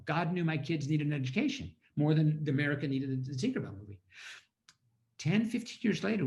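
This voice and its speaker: Animated man telling a story. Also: fairly high pitch, vocal fry. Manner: animated, acts out his own past thoughts. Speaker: speaker at a community holiday event. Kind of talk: inspirational storytelling talk. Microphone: video call.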